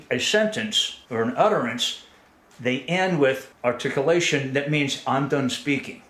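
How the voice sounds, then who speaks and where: A man's voice: fairly high pitch, a bit bright. A man giving an earnest, analytical explanatory talk as a presenter. He restarts his phrases and checks in with "right?". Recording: roomy echo.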